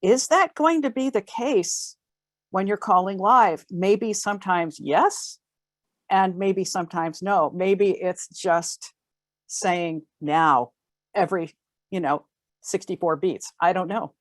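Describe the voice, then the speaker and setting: A woman's voice: lowish voice, takes it slowly, no echo. Enthusiastic woman caller, dry close sound. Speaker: dance caller. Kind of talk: casual panel talk. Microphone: video call.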